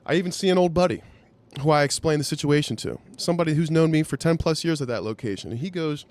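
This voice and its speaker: Animated man telling a wry story. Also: a little high, fast talker. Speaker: podcast host. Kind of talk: storytelling anecdote.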